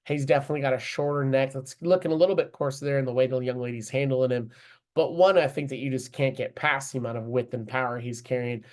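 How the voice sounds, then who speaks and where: A man with a middle-pitched voice runs a live online livestock judging lesson. He talks in a loose, coaching way and thinks aloud as he goes. Plenty of small fillers and restarts dot his explanations. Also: fairly even intonation, fast talker, darkish tone.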